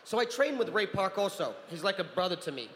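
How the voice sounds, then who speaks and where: A man in his thirties from New Zealand, telling animated stories as a guest on a convention panel and acting out other people's voices. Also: high voice, quick pace. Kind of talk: anecdotal storytelling. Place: large convention hall. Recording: convention hall with reverb and faint noise.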